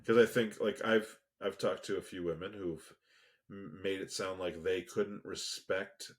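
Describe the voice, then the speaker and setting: A man co-hosting a podcast in casual chat, talking haltingly with many restarts. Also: deep voice, steady tone. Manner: halting, full of restarts, laughs easily. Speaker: podcast co-host. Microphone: remote call setup.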